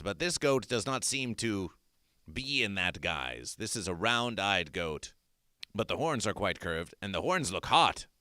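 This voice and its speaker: A man's voice: fairly low pitch, pushed and bright, clear, resonant tone, dry recording, clean studio sound. A man hosting an absurdist comedy stream, talking in a theatrical, repetitive, chanting way. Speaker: host.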